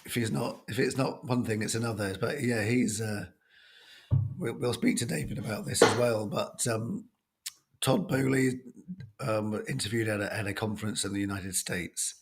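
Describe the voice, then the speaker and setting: A man in his fifties co-hosting a sports podcast, his voice croaky from a cold, talking in a hesitant, casual way with many ums. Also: on the low side, normal speed, a little hiss or hum. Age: 50s. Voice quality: husky. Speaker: podcast co-host.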